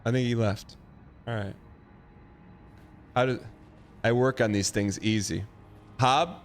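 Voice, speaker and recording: A man streaming a game live, chatting casually with viewers in a rambling, halting, playful way. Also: medium pitch, steady tone, faint music behind.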